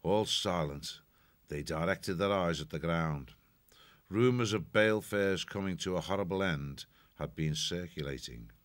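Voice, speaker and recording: A man narrating an audiobook in a measured, steady storytelling manner. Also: sits low, no echo, studio quality. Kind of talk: audiobook reading.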